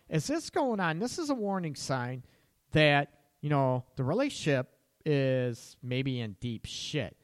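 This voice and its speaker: Blunt man with a lively voice. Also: on the high side, dry recording, clean studio sound. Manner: blunt and cursing, with sharp rising emphasis. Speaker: relationship counselor. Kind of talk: casual advice monologue.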